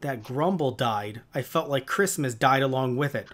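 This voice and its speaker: A man's voice: medium pitch, moderate pace, fairly bright tone. A man co-hosting a podcast in casual chat, rambling through tangents with plenty of fillers. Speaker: podcast co-host.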